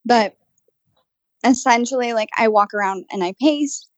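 High, animated woman telling a story. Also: a little slow, dry recording. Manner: animated storytelling, heavy "like" fillers, swears freely. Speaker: podcast co-host and channel. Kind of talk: casual chat. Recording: dull, dry, lo-fi sound.

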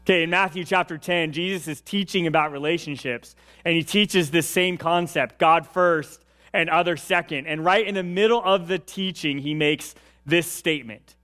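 A male pastor delivering a sermon in a relaxed, conversational way, often checking in with his listeners. His voice sits a little high for a man. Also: normal speed.

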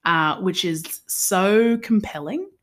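An Australian woman co-hosts a casual book podcast, giggling, rambling and poking fun at herself. Her voice is medium in pitch, slow and fairly bright.

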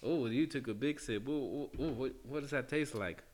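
Brief: a slangy, teasing male host with an ordinary middle-pitched voice, running a loose comedy interview. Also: normal speed, a little hiss or hum. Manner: slangy and teasing, says "bruh" and "bro".

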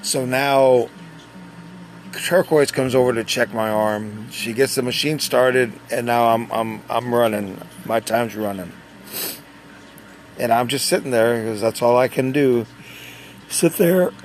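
A man telling a personal story in a casual, conversational way, pausing and restarting as he goes. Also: mid-range voice, slight background noise. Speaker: dialysis patient.

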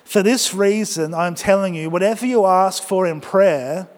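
A man preaches to his congregation with energy and humor, his voice high and lively. It rings through a church with a long reverb. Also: normal speed. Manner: energetic, joking, exhorting the congregation. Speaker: pastor. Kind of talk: sermon.

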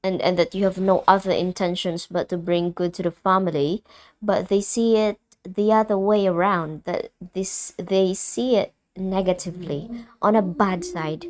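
A young Filipino woman with a mix of American and British in her accent, hosting a personal solo podcast and talking candidly and emotionally, often halting and restarting. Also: fairly low pitch, fairly even intonation. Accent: Filipino, mixed with American and British. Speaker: podcast host.

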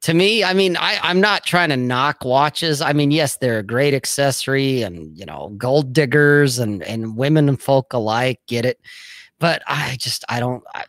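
A middle-aged man talks bluntly in casual chat, rambling and swearing freely. His voice sits at an average pitch. The sound is dry and close, with no room echo. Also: expressive, moderate pace, a bit bright. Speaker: co-host.

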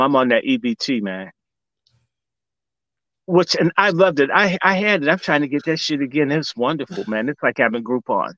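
A man from Washington, D.C., telling a comic story in casual talk, profane and animated, laughing often and acting out what people said. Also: on the high side, dry recording, highs cut off. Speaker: commentator.

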